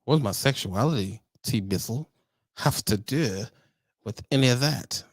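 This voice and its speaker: A man hosting a casual trucking livestream, talking bluntly and swearing, his voice jumping high and loud when he presses a point. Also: moderate pace, no room sound, studio quality. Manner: blunt, animated, swears, rises to loud high-pitched emphasis. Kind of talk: casual advice talk to viewers.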